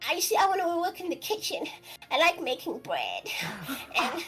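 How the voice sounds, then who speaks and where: A woman's voice: high voice, huge pitch swings, moderate pace, a bit bright, soft background music, voice pushed up, exaggerated voice. A woman voicing a timid, anxious tiny baby fish that stammers and apologizes. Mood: nervous. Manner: flustered, stammering, eager to please.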